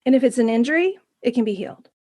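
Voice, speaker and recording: A woman in middle age, a recovery coach, speaks as an interview guest. She is earnest and lively, her voice a touch high. The sound is dry and close. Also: racing, no echo. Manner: earnest, animated storyteller. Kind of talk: interview conversation.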